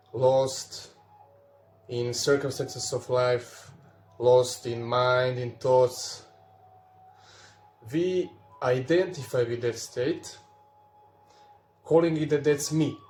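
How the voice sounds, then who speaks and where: Man, spiritual teacher, slow searching talk, roomy echo, faint music. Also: medium pitch, steady tone, a little mellow. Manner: slow, searching, with pauses and restarts. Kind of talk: calm spiritual talk to viewers.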